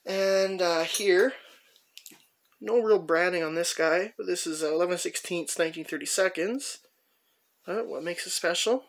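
Handling his tools one by one, a man shows off his collection in an easygoing, rambling way, with frequent "uh" pauses. His voice is gravelly and a touch high, and the narration is casual show-and-tell.

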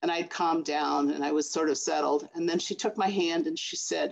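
A woman from the Chicago area telling a personal childhood story over a video call, expressive and acting out voices. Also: low-pitched, moderate pace, creaky, poor audio. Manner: expressive, acts out her mother's voice.

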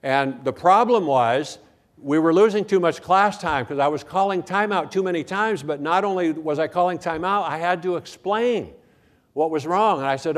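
A man's voice: a little high, moderate pace. An older man giving a conference talk about teaching, telling stories and acting out the voices of students in between frequent "okay, now" asides. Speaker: speaker at a conference. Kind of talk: keynote talk with anecdotes.

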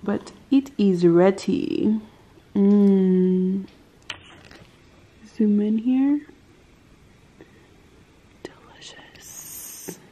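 A woman vlogger casually talking through each cooking step in her home kitchen. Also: mid-range voice. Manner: relaxed, talks through each step as she works. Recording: kitchen noise with clicks and clatter.

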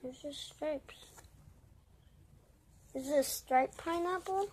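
A woman voicing a bickering group of characters in a homemade story, brash and quick to swear, swinging from yelling to low mutters. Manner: brash, swears often, switches between shouting and mumbling. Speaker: voice-over creator.

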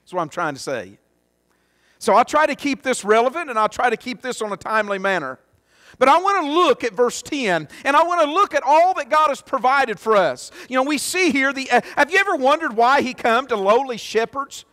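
A man's voice: very high-pitched, very animated, brisk, bright, forceful tone, dry recording, studio quality. A male pastor preaching a folksy, earnest sermon in church, with many restarts and asides. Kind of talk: sermon and prayer. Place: church sanctuary.

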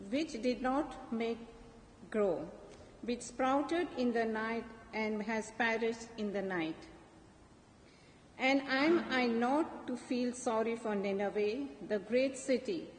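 A woman reads scripture at Mass slowly and carefully, in a fairly high voice. The church around her is echoey with a long reverb. A faint background noise runs underneath. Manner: slow, careful reading. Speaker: lector.

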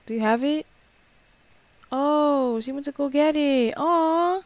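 Young woman let's-play host, chatty and slow, a bit high, dry close mic. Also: dry recording. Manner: chatty, reacts aloud, swears casually. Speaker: gaming channel host. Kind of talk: casual let's play commentary.

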